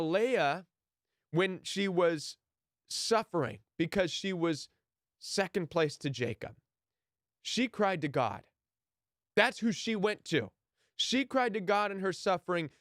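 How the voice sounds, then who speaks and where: A man's voice: high-pitched, no echo, studio quality. A man teaching a Bible passage in a sermon style, earnest and emphatic, briefly acting out the people he quotes.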